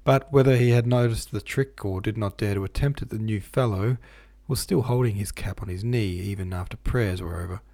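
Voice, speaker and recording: A man reading a classic novel aloud at a steady, measured pace, stopping now and then to explain the footnotes. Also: fairly low pitch, vocal fry. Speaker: audiobook reader.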